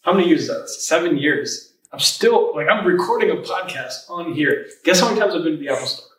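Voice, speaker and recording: A man's voice: on the high side, lively intonation, a little fast, fairly bright tone, reverberant, far from the mic, low-quality recording. A man hosting a podcast, chatting in a laid-back way with lots of fillers. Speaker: podcast host. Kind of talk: casual podcast chat.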